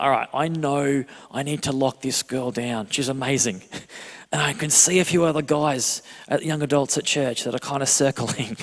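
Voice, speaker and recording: A man in his thirties delivers a church sermon, his voice sitting somewhat high for a man. He tells stories animatedly, pokes fun at himself, and laughs often. The sound carries a long hall reverb. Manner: animated storytelling, self-deprecating humor, laughs often. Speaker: pastor.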